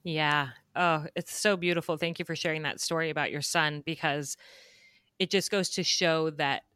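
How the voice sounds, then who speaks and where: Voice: medium pitch, fairly even intonation, normal speed, sharp tone, clear, resonant tone, no echo, studio quality. An interview host who responds to the guest in an affirming, reflective way. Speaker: podcast host. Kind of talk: interview conversation.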